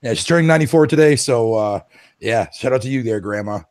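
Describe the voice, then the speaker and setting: A man's voice: medium pitch, fast talker, a little mellow. A man on a gaming podcast panel, talking in a casual, playful and teasing way.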